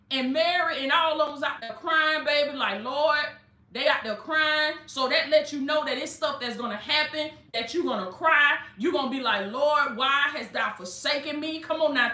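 Bright fervent woman preaching online. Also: high-pitched, echoey room. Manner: fervent call-and-response preaching, addresses viewers as baby. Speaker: preacher and life coach. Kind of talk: informal online sermon.

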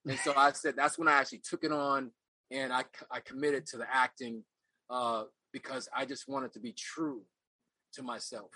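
An actor in middle age, guesting on a podcast, shares stories in a relaxed interview with an earnest, reflective manner, circling back and repeating phrases while gathering his thoughts. His medium-pitched voice, at normal speed, has a bright, forceful edge. The recording is poor, close and dry, with no room sound.

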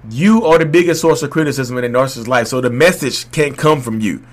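A man, hosting a candid unscripted monologue about his own experience, rambling with restarts and getting loud when he is heated. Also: mid-range voice, fast talker, hardly any pauses. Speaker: vlog host speaking on his own experience.

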